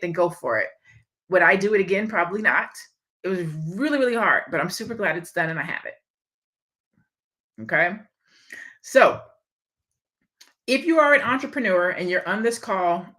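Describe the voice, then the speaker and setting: Her voice sits at medium pitch with a sharp tone and a slight lisp as she hosts a live-streamed motivational talk. The woman speaks candidly and reads her viewers' comments aloud.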